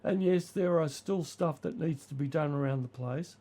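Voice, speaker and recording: An older man, hoarse from the flu, chatting casually and rambling through his model railway vlog. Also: on the high side, normal speed, mellow. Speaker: model railway channel host.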